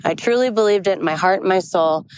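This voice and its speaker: A woman's voice: medium pitch, fast, darkish tone, clear, resonant tone, poor audio. A woman telling a candid, rambling story into her phone while hiking on an outdoor forest trail. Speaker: vlogger. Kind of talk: casual storytelling vlog. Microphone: phone held while walking.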